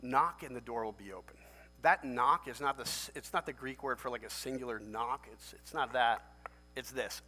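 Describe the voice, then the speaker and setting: A man preaching a sermon as pastor, emphatic and animated, jumping to loud high lifts for emphasis. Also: moderate pace, faint music behind. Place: large church sanctuary. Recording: long church hall reverb.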